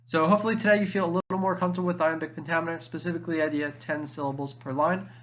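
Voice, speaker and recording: Man, young adult, teacher, casual explaining, lots of fillers, slightly high voice, muffled recording. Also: fairly even intonation, rapid-fire, fairly bright tone. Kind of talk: recorded classroom lesson.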